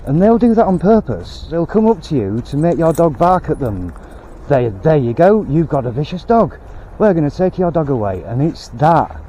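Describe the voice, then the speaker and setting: A man's voice: fairly high pitch, sing-song, normal speed, few pauses, mellow, lo-fi sound, slight background noise. A man vlogging outdoors on a canal towpath, ranting bluntly in a rambling way and swearing now and then. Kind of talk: casual rant while walking.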